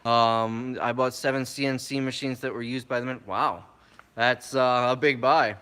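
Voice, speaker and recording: Man, live q&a, chatty, bright forward voice. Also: medium pitch, steady tone, moderate pace, smooth. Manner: chatty, reads viewer questions aloud and answers them. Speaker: reseller answering live chat questions. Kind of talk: live stream Q&A.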